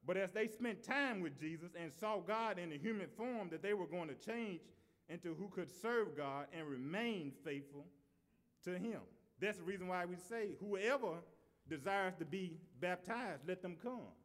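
A man's voice: high voice, lively intonation, normal speed. A man. He talks in a conversational way, often repeating and restarting his phrases as he goes. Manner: conversational preaching with repetitions and restarts. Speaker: preacher. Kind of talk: sermon.

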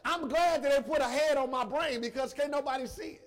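A man preaching a sermon, emotional and emphatic, repeating phrases and calling out to the congregation. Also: extremely high pitch. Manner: emphatic, repetitive, slow emphasis; emotional, addresses congregation directly.

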